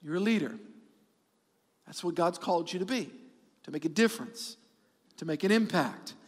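A middle-aged man preaching a sermon as pastor, animated and repetitive for emphasis, joking with his congregation. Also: high voice, moderate pace, slightly rough, big-room sound.

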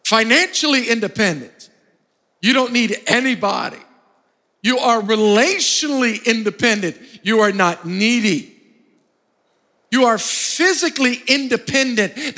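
Emphatic preaching pastor in a reverberant hall. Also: male voice, very high-pitched, lively intonation, a little slow, sharp tone. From United States. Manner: emphatic, call-and-response with the congregation. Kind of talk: sermon.

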